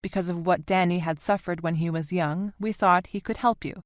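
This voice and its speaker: A woman's voice: lowish voice, steady tone, moderate pace, no echo, clean studio sound, lightly acted. A woman voicing a small, older motherly woman who is firm and commanding, in an audiobook. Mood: stern.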